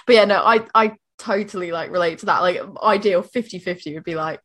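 A woman's voice: fairly low pitch, a little fast, fairly bright tone. Podcast host, young woman from Boston, faded American accent, bubbly and chatty, lots of "like". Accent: American, softened. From Boston, USA. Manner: chatty, laughs often, many likes and restarts. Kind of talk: casual chat.

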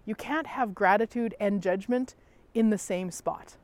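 A middle-aged woman talks in a gentle, unhurried way, circling back to the same phrases. Her pitch sits in an ordinary middle range, and now and then a soft sigh slips between her thoughts. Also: no echo. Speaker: self-help host. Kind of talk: reflective personal talk.

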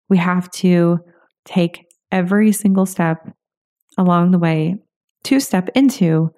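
A woman's voice: mid-range voice, warm tone. A woman hosting a solo podcast as a coach, talking in a loose, encouraging way with lots of "you know" and "like".

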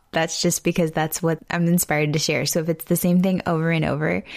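A woman in her thirties hosts her own podcast alone, chatty and self-deprecating as she encourages her listeners. Her voice sits a little low for a woman. She moves from warm pep talk to asides about her own life. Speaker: podcast host. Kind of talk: casual solo podcast monologue.

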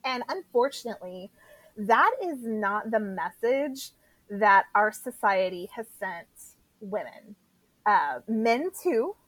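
A woman guest on a podcast, her voice sitting mid-range and heard quite dry and close. She talks earnestly and fast, now and then stumbling over her own words. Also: mid-range voice, lively intonation, a bit bright, dry recording, poor audio. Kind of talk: casual podcast chat.

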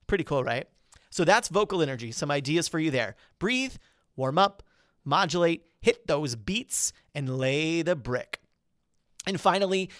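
A man hosting a podcast, giving quick, energetic coaching tips on presenting with melodic, well-placed pauses. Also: a little high, no echo, studio quality. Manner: melodic, modulated emphasis. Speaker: podcast host.

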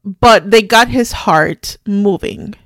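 Middle-aged woman host, mid-pitched, halting and shaken as she recounts, dry close-mic sound. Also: no room sound. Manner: halting, restarts, quiet and shaken. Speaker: podcast host. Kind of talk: personal storytelling monologue.

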